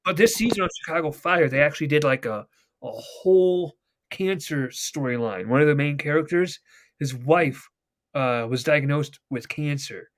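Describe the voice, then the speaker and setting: A young podcast host with a somewhat high voice talks loosely and at length in casual chat. Animated and moderately paced, he rambles through retold TV scenes, swearing freely.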